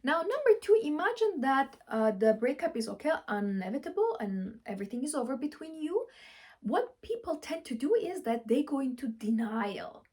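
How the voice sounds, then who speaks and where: A young woman coaching viewers through a breakup in an expressive, laughing way, acting out her own past thoughts. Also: high voice, moderate pace. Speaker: relationship coach. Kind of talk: advice vlog talking to camera.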